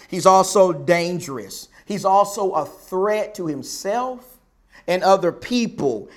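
A man's voice: high voice, fairly bright tone. A preacher delivering a sermon, an emphatic man who repeats his phrases and asks the listeners rhetorical questions.

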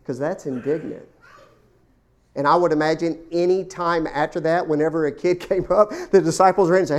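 A man delivers a sermon in a dramatic, theatrical manner. He calls his listeners folks and fires rhetorical questions at them. His voice leaps to loud exclamations, then sinks to hushed, near-whispered lines. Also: a little high, steady tone, moderate pace. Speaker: preacher.

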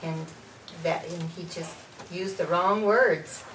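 A woman in a Bible class telling a family story, speaking hesitantly with pauses. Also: lowish voice. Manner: hesitant, with fillers. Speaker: class member. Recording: roomy distant room mic, faint noise.

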